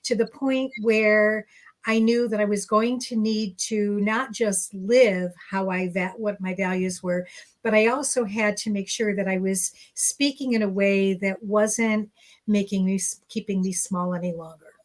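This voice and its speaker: Earnest woman guest, mid-pitched. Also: fairly even intonation, a little slow. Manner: earnest, candid, acts out remembered dialogue. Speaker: interview guest. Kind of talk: conversational interview.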